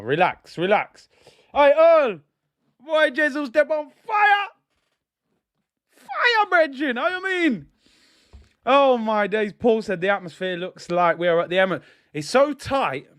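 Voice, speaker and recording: A young man hosting a live football watch-along, excitable, joking with his chat and shouting when his team scores. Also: sits high. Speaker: football fan channel host.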